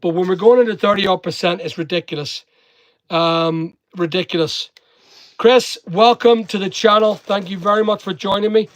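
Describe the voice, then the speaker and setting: A man with a mixed Northern Irish and English accent and a fairly high voice, hosting a live stream. He reads viewer comments aloud and answers them in a chatty, joking way. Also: fairly even intonation, moderate pace, no echo, poor audio. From Northern Ireland. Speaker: online seller and live streamer.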